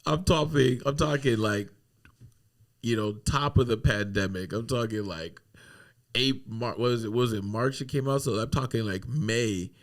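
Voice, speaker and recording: A man's voice: medium pitch, normal speed. A man in his thirties hosting a podcast, chatting casually and joking, acting out voices with lots of laughter. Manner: joking, animated, acts out voices and laughs often. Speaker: podcast host. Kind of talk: casual chat.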